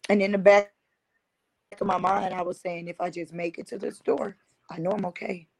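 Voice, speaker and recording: A woman's voice: lowish voice, level tone, normal speed, creaky, darkish tone, no echo, rough recording. A woman, a domestic violence survivor and advocate, earnestly recounting her experience, often quoting what was said. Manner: earnest retelling, quoting others with "I said". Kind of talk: emotional personal testimony.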